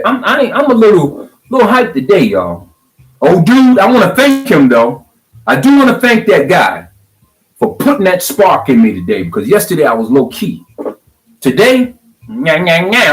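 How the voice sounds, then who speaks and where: Hyped middle-aged guy with AAVE ranting on his vlog, voice a bit high, swings all over. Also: poor audio. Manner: animated, preachy, swings from hyped to calm. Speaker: video blogger. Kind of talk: fired-up social media rant.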